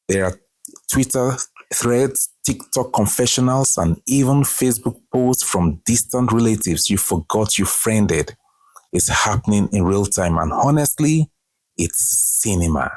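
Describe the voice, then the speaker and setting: A man hosting scripted commentary with a dramatic, deliberate delivery. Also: lowish voice, a little mellow, dry recording. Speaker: commentary host.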